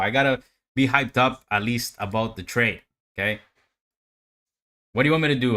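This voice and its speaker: A man doing live trading commentary on a stream, talking to himself and his viewers in a profane, excitable, hyped-up way. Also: medium pitch, a little fast, long pauses. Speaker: livestream day trader.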